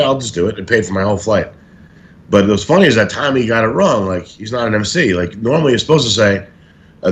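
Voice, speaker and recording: Comedian guy on an interview show, lowish voice, animated, plays out his stories. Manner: animated, acts out stories and quotes. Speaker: stand-up comedian guest. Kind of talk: casual interview storytelling.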